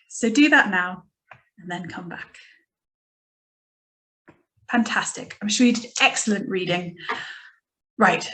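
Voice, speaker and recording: A woman teacher giving a recorded lesson, talking students through a poem in an encouraging way and reading it slowly and dramatically. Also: medium pitch.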